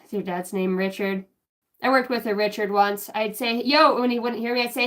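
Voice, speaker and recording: A woman's voice: on the high side, steady tone, moderate pace. A middle-aged woman chatting casually on a live stream as a spiritual reader, goofy and laughing, swearing freely and teasing herself. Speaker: livestream host offering spiritual readings.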